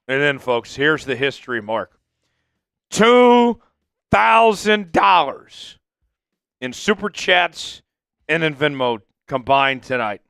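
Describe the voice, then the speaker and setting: A man's voice: mid-range voice, vocal fry, pushed and bright, clear, resonant tone, no echo. A man hosting a live sports fan stream while drinking, swinging from hype chants to emotional thanks. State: drinking, tipsy. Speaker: sports livestream host.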